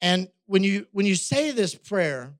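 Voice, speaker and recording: Brief: male pastor, conversational sermon, higher voice, dry close sound. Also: big pitch swings, a little slow, no echo. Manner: conversational, frequent tag questions.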